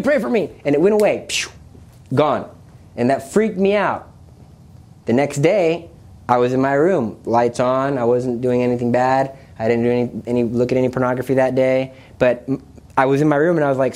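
A young man earnestly recounting a personal religious testimony, confessional and animated, often restarting his sentences. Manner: earnest, confessional, with many restarts and pitch jumps. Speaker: speaker sharing his testimony.

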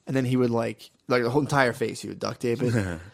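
A man's voice: medium pitch, fast talker, creaky, no echo, clean studio sound. A young man telling a wild story in casual podcast chat, rambling and profane, full of "like" and "dude".

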